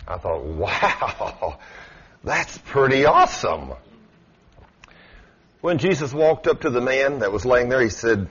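Guy preaching, husky voice, pitch all over the place, kinda muffled radio sound. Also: very animated, unhurried. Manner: folksy storytelling preacher, dramatic swings in pitch and loudness. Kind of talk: sermon.

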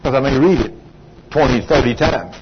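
A man preaching a sermon in a conversational, animated way, rising high for emphasis. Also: normal speed. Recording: muffled lo-fi recording with background noise.

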